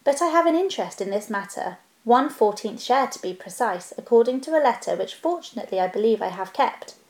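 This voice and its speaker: A woman's voice: animated, brisk, a little mellow. Bilbo, a woman doing a fussy polite male hobbit. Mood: polite, earnest. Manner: prim businesslike courtesy, a little squeaky. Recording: roomy echo.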